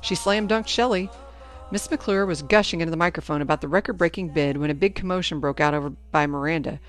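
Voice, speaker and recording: A woman's voice: low voice, quick pace, no echo, soft background music. Woman narrating a teen novel. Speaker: audiobook narrator. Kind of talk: first-person novel narration.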